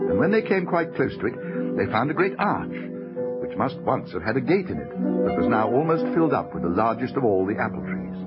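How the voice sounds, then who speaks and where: A man narrating a children's fantasy audiobook in an expressive storytelling voice. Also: medium pitch, lo-fi sound. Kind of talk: scripted narration.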